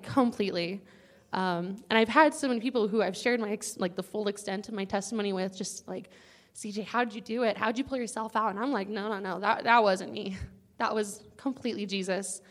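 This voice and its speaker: A young adult woman with a medium-pitched voice speaks fairly quickly as she casually shares a personal testimony with a campus group. She's earnest and chatty, sometimes near tears, and says "like" and "guys" a lot.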